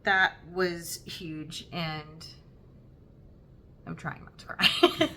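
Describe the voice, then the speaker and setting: A young woman hosting a stitching vlog, talking in an earnest, halting and emotional way. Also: low voice, fairly even intonation, bright, forceful tone. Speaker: Flosstube host. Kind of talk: heartfelt personal vlog talk.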